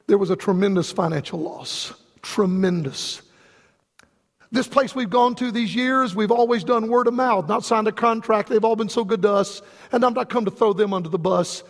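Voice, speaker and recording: A man's voice: extremely high pitch, fairly bright tone. A man preaching a sermon with an impassioned, repetitive cadence. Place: church sanctuary. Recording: long reverb from a large hall.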